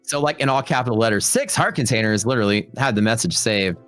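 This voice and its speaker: Faint music plays behind a young male livestream host whose medium-pitched voice moves fast. Casually chatting with his trading audience, he spins animated, joking stories and slips into playful quoted voices.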